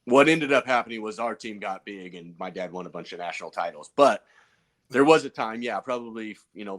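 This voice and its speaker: Guesting on a podcast, a professional BMX racer spins casual, rambling stories, stumbling through fillers and restarts. His voice sits on the low side with a fairly bright tone.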